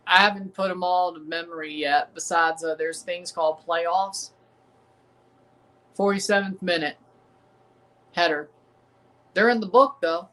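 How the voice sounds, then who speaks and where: A man's voice: high-pitched, fairly even intonation, a little slow, pauses often, pushed and bright, poor audio. A man with a Southern US accent, hosting a match watchalong livestream in a casual, rambling, defiant way, often repeating himself. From American South.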